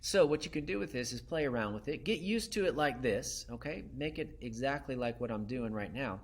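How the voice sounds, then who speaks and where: A man's voice: mid-range voice, expressive, brisk. A man teaching a saxophone lesson, counting students in and demonstrating with sung syllables. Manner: counts in and calls turns. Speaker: music teacher.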